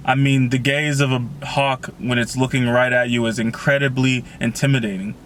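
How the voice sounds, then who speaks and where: A man's voice: medium pitch, fairly bright tone, a little hiss or hum, rough recording. A man reading a novel aloud in an unpolished, casual way, with the odd slip and restart. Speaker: reader.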